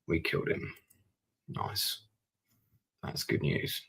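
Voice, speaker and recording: A man's voice: takes it slowly, a bit bright. A man streaming a strategy war game, thinking aloud and muttering over his moves as he plays. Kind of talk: live-stream gameplay commentary.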